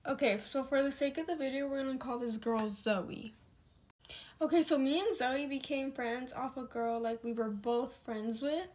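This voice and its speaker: A young woman telling a casual get-ready-with-me storytime, rambling with lots of fillers and restarts. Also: a little high.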